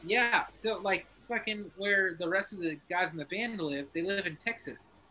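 A man with a Northeastern American accent talks in a bright, forceful voice. He is a musician guest in a casual podcast chat. He rambles from one tangent to the next and swears often. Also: high voice, moderate pace, a little hiss or hum, poor audio. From Northeastern United States.

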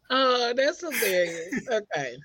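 Bright, slow-talking laughing woman. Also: on the high side. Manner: laughs a lot, drawn-out slow delivery. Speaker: podcast co-host. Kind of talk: casual group chat.

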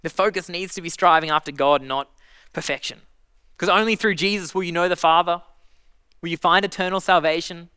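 A man preaching in an earnest, conversational way, stumbling and restarting as he builds his point. His voice sits high and bright, with a smooth, clear tone. It is recorded close and dry. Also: brisk, no echo. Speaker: pastor. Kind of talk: sermon.

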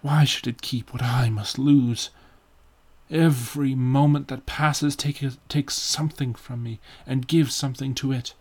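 A man's voice: medium pitch, steady tone, measured pace, darkish tone, slightly rough. A man voicing a vain, brooding young man who speaks with intense, declamatory passion. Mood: impassioned.

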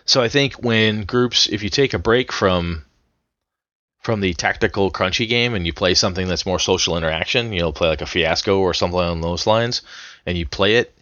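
A man's voice: low voice, fairly quick, a bit bright, dry recording, muffled recording. A man co-hosting a casual podcast chat, telling a rambling story with many restarts and the odd swear word. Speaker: podcast co-host. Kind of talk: casual chat about tabletop gaming.

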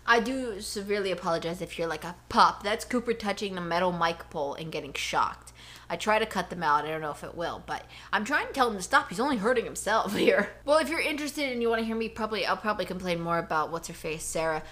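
A woman's voice: medium pitch, quick pace, a bit bright. A woman co-hosting a casual podcast at home, ranting animatedly about her day and her dogs. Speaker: podcast co-host. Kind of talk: casual chat. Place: home living room.

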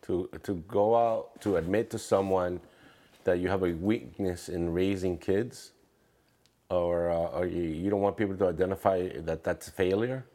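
Low-voiced man, reflective interviewer. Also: steady tone, unhurried, dark tone. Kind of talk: casual chat.

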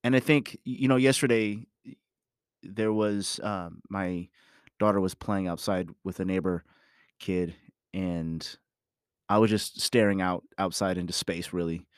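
A man's voice: low voice, fairly even intonation, unhurried, smooth, dry recording, clean studio sound. A man telling a personal story in a casual monologue, rambling and emphatic, swearing often and leaning on "you know". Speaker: parent talking about his family.

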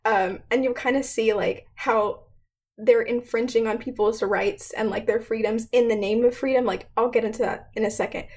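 A young woman giving a casual, chatty history explainer, full of fillers and quick laughs. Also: fairly high pitch, steady tone, darkish tone. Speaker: student presenter.

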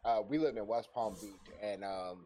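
A young adult man telling a story in a casual chat, swearing freely, animated, and often breaking into laughter. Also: fairly low pitch, normal speed, a little hiss or hum. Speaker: podcast guest telling a story.

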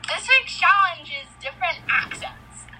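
A young woman co-hosting a casual podcast, chatty and quick to giggle. Her voice is high and very bright. A faint background hiss sits under it. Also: lively intonation, rough recording. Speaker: podcast co-host. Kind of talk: casual chat.

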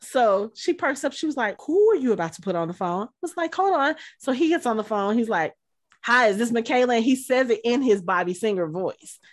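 Animated storytelling woman, dry close sound. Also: brisk, hardly any pauses, no room sound. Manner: animated, acts out quotes in high voices. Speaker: podcast co-host. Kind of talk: casual chat, storytelling.

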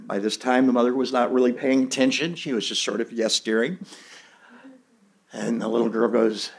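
A man's voice: mid-range voice, fairly even intonation, a little fast, creaky. A middle-aged man preaching a sermon in a folksy, conversational way, with an easy joke and many small fillers. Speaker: pastor.

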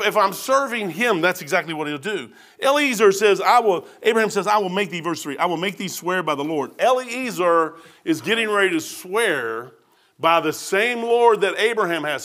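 A man's voice: high-pitched, lively intonation, normal speed, a bit bright. A male pastor preaching a blunt sermon, often quoting people as he talks.

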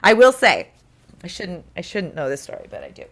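A woman voice actor chatting casually, telling lively stories and mimicking the people she quotes. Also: lowish voice, a little fast, creaky. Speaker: podcast guest, voice actor. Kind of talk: casual chat. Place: recording studio.

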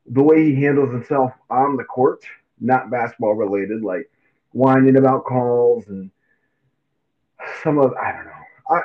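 A man co-hosting a casual sports chat, animated and acting out quotes in silly voices. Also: mid-range voice. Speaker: podcast co-host. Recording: tinny phone-like mic.

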